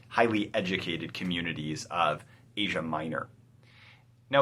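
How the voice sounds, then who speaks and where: A man hosting a poetry channel, explaining a poem in an animated, emphatic way, with some fillers. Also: on the low side. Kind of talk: explanatory video lecture.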